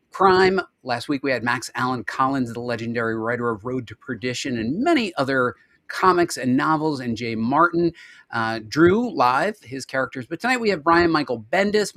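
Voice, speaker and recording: A man's voice: medium pitch, fairly bright tone, no echo. A man hosting a live video-call show, chatting casually and joking as he reels off lists. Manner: chatty and jokey, rattling off lists. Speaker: podcast host. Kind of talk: casual live-stream chat.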